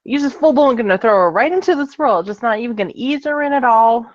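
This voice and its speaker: A woman's voice: a little high, expressive, fast, lo-fi sound. A woman guesting on a casual movie chat, adding wry, dry quips.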